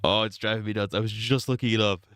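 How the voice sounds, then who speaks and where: A man's voice: fairly low pitch, steady tone, fast talker, fairly bright tone, smooth, dry recording, clean studio sound. A young man rambling crude jokes on a casual gaming livestream. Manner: crude, rambling, giggly banter.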